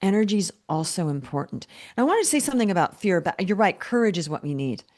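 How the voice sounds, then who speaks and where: Speaking fast with big pitch swings, this woman has a fairly low, darkish voice. She's a business coach in her fifties or older being interviewed, a rambling storyteller who keeps restarting and quoting what she told herself.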